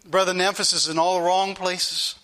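A man's voice: sits high, level tone, brisk, pushed and bright. A male pastor preaching an earnest, repetitive sermon that rises into pleading questions to his congregation.

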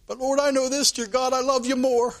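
A man's voice: extremely high pitch, flat delivery, brisk, a bit bright. A man, a pastor, praying aloud from the pulpit in a fervent church service, punctuating his phrases with repeated calls to the Lord. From United States. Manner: repetitive, calling "Lord" and "dear God" between phrases. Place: church sanctuary.

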